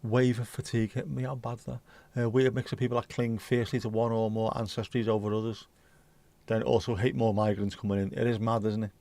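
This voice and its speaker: An Irish man hosts a livestream, chatting casually and reading viewer comments aloud in a blunt, mocking way with lots of swearing. His voice is medium-pitched, level, fairly quick, creaky and warm, with no room sound.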